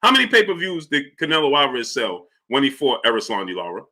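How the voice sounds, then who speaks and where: A man's voice: mid-range voice, sing-song, fast, bright, forceful tone. A man hosting a live stream, talking casually and emphatically, repeating his points and greeting his viewers.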